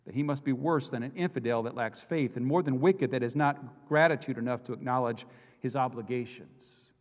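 A male pastor preaching an impassioned sermon, repeating and restarting phrases as he builds his points. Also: mid-range voice. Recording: long hall reverb.

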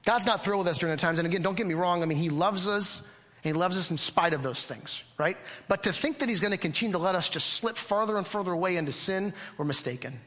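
A man's voice: high voice, quick pace, pushed and bright. A middle-aged man preaching a sermon to his congregation, earnest and conversational, often asking the listeners questions. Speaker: pastor. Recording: long hall reverb.

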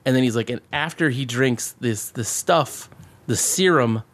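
A podcast co-host with a medium-pitched voice, speaking a little slowly, chats casually and excitedly about a movie. He swears and rambles, restarting his sentences many times.

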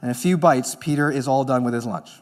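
A pastor preaching a sermon in an earnest manner, moving between emphatic lines and hushed ones. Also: male voice, medium pitch, fast.

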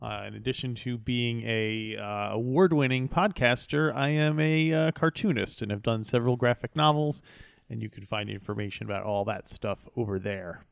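A man's voice: mid-range voice, normal speed, vocal fry, clear, resonant tone, no echo, studio quality. A man who is a guest on a podcast, making wry jokes in casual chat. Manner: joking, wry.

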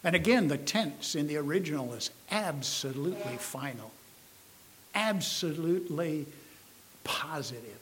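A man preaching a sermon in a slow, emphatic way, with pauses and fillers. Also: fairly high pitch, animated, a bit bright, slight background noise.

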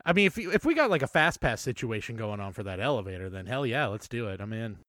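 A man's voice: medium pitch, sing-song, fast, a bit bright, dry recording, clean studio sound. A man co-hosting a casual film podcast, recapping the plot and laughing often. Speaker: podcast co-host.

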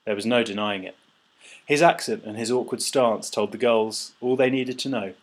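A man's voice: lowish voice, moderate pace. A man narrating a children's storybook chapter aloud, doing the characters' voices. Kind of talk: audiobook narration.

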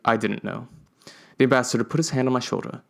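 A man co-hosting a podcast, reading a comic story aloud in dry, measured narration. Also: medium pitch, creaky. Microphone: podcast microphone.

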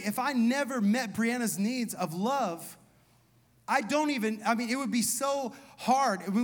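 A man in his thirties delivers a sermon with a rather high voice. He talks like he is chatting with friends, peppering his lines with "like" and "you know". Then he drives points home with repeated short questions. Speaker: pastor. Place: church hall.

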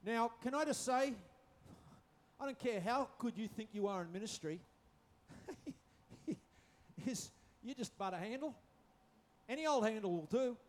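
A man's voice: very high-pitched, lively intonation, unhurried, pauses often. A man preaching a sermon, joking with his listeners and repeating his phrases. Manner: humorous, acting out quotes, repeats phrases.

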